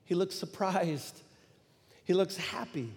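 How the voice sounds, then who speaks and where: A middle-aged man preaching a sermon, telling a story in an animated way and acting out the quoted lines with sudden loud bursts. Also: high-pitched, takes it slowly, creaky. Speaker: pastor. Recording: long reverb of a large hall.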